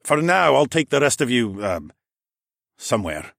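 A man's voice: medium pitch, big pitch swings, moderate pace, gravelly, fairly bright tone, dry recording, studio quality. A man voicing a dutiful castle attendant who speaks politely and with urgency in an audiobook. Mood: apologetic.

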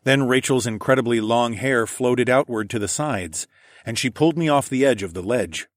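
A man's voice: medium pitch, moderate pace, dry recording, clean studio sound. A man narrating a fantasy story in first person, reading steadily. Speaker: audiobook narrator.

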